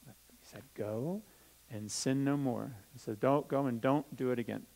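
A man with a gravelly voice pitched in the middle range leads a children's talk in a church. He reads a scripture passage aloud and stops to explain hard words simply for the kids. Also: unhurried, darkish tone, poor audio. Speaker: pastor. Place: church sanctuary.

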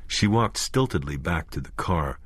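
A man narrating a horror audiobook in a measured, deliberate way. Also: deep voice, animated, breathy edge, no room sound.

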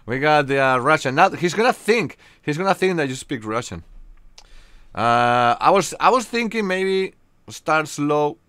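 A young man from Spain with a Spanish accent, chatting casually and joking with viewers during a live game stream, often pausing on fillers. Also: fairly high pitch, lively intonation, fairly bright tone, clear, resonant tone, no room sound.

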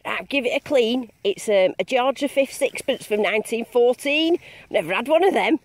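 A woman vlogging a metal detecting dig outdoors, chatting in a bubbly, excitable way and repeating herself in delight. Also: on the high side, normal speed. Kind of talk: excited casual running commentary.

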